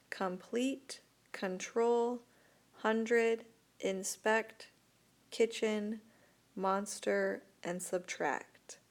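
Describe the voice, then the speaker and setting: A woman teacher talks through a recorded lesson at a very slow, careful pace. Her voice has a gravelly edge. She repeats words clearly for young students. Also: mid-range voice. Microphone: tablet microphone.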